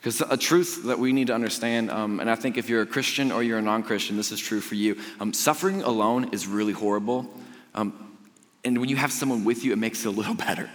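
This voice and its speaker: A young man preaching a sermon, telling personal stories in a conversational way and swinging between quiet, intimate lines and loud, emphatic ones. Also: on the low side, fast talker. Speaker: pastor. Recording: long reverb of a large hall.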